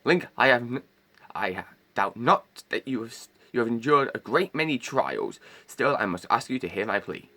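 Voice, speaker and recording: A man voicing a huge, regal old male fish king who is warm-hearted, in formal, old-fashioned speech, as an amateur game voice-over. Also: mid-range voice, very animated, normal speed, exaggerated voice. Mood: grave.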